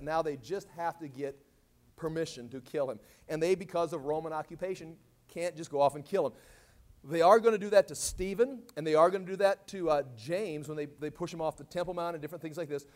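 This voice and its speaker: A man with a high-pitched voice preaches through scripture in a casual, conversational way. He keeps breaking into animated voices for the people in the story, now loud and stretched, now dropping low and quiet. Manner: animated, acts out quoted lines with big swings in pitch and volume. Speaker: Bible teacher. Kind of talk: expository sermon.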